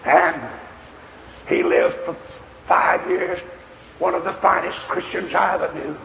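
A male preacher tells a story in a high, gravelly voice with a folksy, emphatic delivery. The sermon rings through a large, echoing hall with a long reverb tail and a faint hiss in the background. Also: measured pace, bright, forceful tone. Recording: echoey hall, faint noise.

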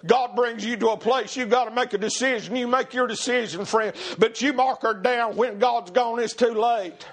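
A preacher whose voice sits unusually high for a man. He preaches with fire to his congregation, rising to shouts and then dropping to an urgent, pleading hush. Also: fairly even intonation, moderate pace, hardly any pauses. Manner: impassioned, swings between shouting and hushed pleading. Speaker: pastor. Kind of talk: fiery revival sermon. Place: church sanctuary before a congregation.

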